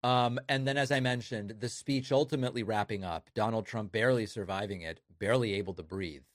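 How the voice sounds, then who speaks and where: A man's voice: fairly low pitch, fairly quick, dry recording, clean studio sound. A man hosting a political commentary show, mocking the news clips he plays. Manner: sarcastic, mocking.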